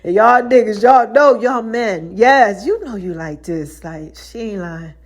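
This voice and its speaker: A woman's voice: medium pitch, expressive, measured pace. A woman hosting her own podcast, telling personal stories in a loose, chatty way, laughing often and acting out other people's lines. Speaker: podcast host. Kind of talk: casual storytelling monologue.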